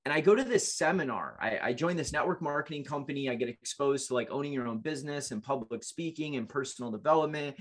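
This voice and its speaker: A man in his late twenties tells his own story to an interviewer. He speaks earnestly and with feeling, often repeating a word as he restarts. His voice sits at an ordinary middle pitch. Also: fast talker, hardly any pauses. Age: late 20s. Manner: earnest, emotional, with frequent restarts. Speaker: guest.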